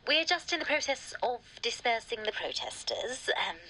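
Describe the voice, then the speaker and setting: A woman voices a polite, hesitant university caller on the phone. Her voice is high and bright, and it sounds a little distant in a comedy audio drama. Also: very animated, normal speed.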